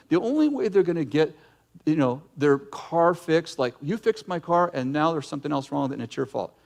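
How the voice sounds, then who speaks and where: A middle-aged male pastor preaching a sermon in an animated way, breaking into acted yelling now and then. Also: fairly high pitch, gravelly. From United States.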